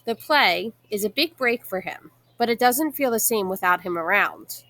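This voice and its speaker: A woman reading a children's novel aloud in a steady narrating manner, with casual asides between chapters. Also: medium pitch, normal speed, no room sound.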